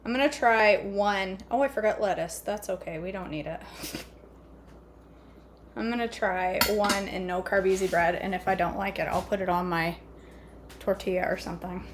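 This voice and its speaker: A woman's voice: medium pitch, normal speed, a little hiss or hum. A woman hosting a casual cooking vlog from her home kitchen, chatty, folksy and joking. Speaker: vlog host.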